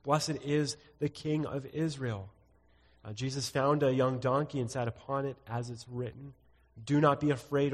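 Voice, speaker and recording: Male pastor, mid pitch, expository sermon with read-aloud verses, hall reverb. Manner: teaching through scripture, reads verses aloud, frequent "uh" fillers.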